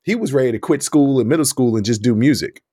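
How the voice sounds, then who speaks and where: A man's voice: medium pitch, fast, no room sound, studio quality. A man co-hosting a podcast, chatting casually and animatedly, often laughing. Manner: animated, talks with his hands, laughs often. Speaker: podcast co-host. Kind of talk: casual chat.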